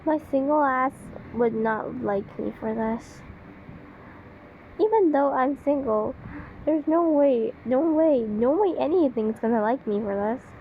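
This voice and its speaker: Speaking a little slowly in a fairly high, childlike voice, this channel host reads a story and ridicules it with disbelieving interjections. It's sarcastic reading commentary, captured in a dull, lo-fi recording with faint hiss.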